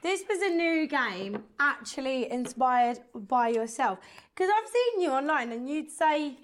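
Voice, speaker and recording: A woman hosting a podcast in casual chat, teasing her guest, swearing freely and bantering quickly. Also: sits high, very animated. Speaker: podcast host.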